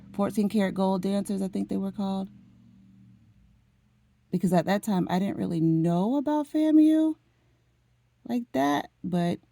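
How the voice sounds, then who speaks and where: Chatty woman with a gravelly voice. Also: fairly low pitch, warm tone, no room sound. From Florida. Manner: chatty and emotional, often says "honey" and "y'all". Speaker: vlogger. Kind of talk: casual chat to camera.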